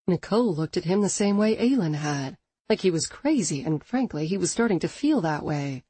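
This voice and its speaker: Husky woman narrating an audiobook. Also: on the low side, fairly quick, no echo. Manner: expressive, dramatic reading. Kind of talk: scripted narration.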